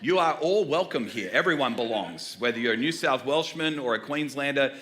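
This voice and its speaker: A man's voice: medium pitch, a little fast. A man in his forties with a mixed Australian and American accent, opening a church sermon with jokes and banter aimed at the congregation. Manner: energetic, joking, talks directly to the room. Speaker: guest preacher. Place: church service before a congregation.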